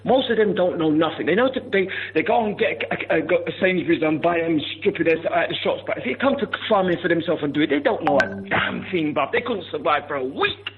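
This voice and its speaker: A man calling into a radio talk show, ranting forcefully and calling everyone "bruv". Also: fairly high pitch, expressive, fast, hardly any pauses, soft background music. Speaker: caller. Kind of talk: heated phone-in rant. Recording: tinny phone line.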